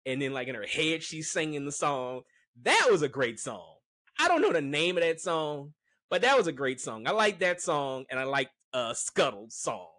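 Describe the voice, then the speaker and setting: A man's voice: on the high side, sing-song, normal speed, bright, forceful tone, dry recording, clean studio sound. A man giving a casual, rambling movie review, frank and full of fillers. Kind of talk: casual opinion monologue.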